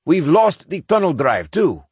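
A man voicing an old, gruff male chief engineer of a starship, heard over a scratchy intercom, weary and wry. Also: a little high, sing-song, measured pace, a little mellow, no echo, studio quality, pitched above the performer's own voice, full character voice. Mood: strained.

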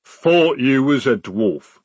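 A man voicing a huge, slow-witted male troll soldier with a slow rumbling growl. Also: expressive, breathy edge, no room sound, dull audio.

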